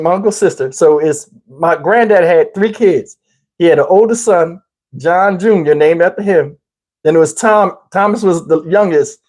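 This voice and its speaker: A man's voice: sits high, poor audio. Chuckling, rambling storyteller man from New Jersey. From Camden, New Jersey, US. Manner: chuckles often while telling the story; animated, rambling with restarts. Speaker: channel host. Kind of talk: casual storytelling.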